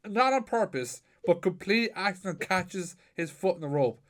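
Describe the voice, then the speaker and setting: A man hosting a casual podcast interview, telling animated stories and swearing freely. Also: sits high, normal speed. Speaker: podcast host.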